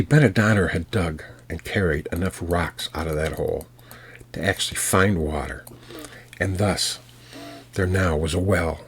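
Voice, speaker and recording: An American man working as a storyteller, telling a folk tale in an unhurried, folksy way with fillers and restarts. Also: low-pitched, a little hiss or hum. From United States.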